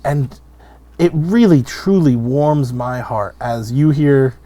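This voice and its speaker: A man's voice: mid-range voice, takes it slowly, dark tone, dry recording, close to an everyday voice. A man voicing a stern, intimidating older mother who scolds her family at a holiday dinner. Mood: gracious.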